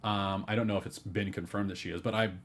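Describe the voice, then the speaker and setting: A man's voice: fairly low pitch, fairly even intonation, a little hiss or hum. A man on a movie news panel, chatting casually, working through guesses with lots of fillers and restarts. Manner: chatty, talks fast through speculation with many fillers and restarts. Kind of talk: casual chat.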